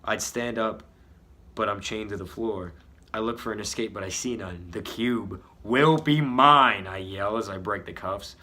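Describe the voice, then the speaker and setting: A man's voice: fairly low pitch, steady tone, normal speed, fairly bright tone. A man reading a story he wrote as a child, joking about the spelling and the drawings as he goes. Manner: mocking his own old writing. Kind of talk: comedic read-aloud with commentary.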